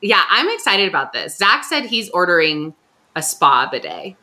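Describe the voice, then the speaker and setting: A woman's voice: lowish voice, big pitch swings, normal speed, background noise. A woman with a Californian Valley Girl accent, co-hosting a podcast in a chatty, giggly way and filling her talk with "like". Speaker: podcast co-host. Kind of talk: casual chat and ad read.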